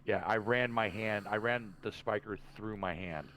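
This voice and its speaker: A man with a lowish voice and a very sharp, bright tone chats on a casual podcast. He is laid-back, laughs easily and swears freely, with faint noise behind him. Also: moderate pace, rough recording. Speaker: chef.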